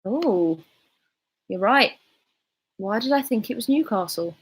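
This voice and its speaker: A young woman in her twenties speaks with a soft, breathy voice and a Southern English RP accent. She rambles through a casual livestream chat, reading viewers' comments aloud and answering them as she goes. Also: mid-range voice, expressive, takes it slowly. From England. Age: 20s. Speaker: livestreaming YouTuber.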